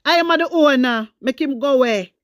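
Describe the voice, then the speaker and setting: A Jamaican woman with a high-sitting voice hosts casual political commentary at normal speed, recorded in a studio with no echo. Animated, she switches between patois and English, speaks straight to her viewers as "wisdom warriors," and reads news excerpts aloud.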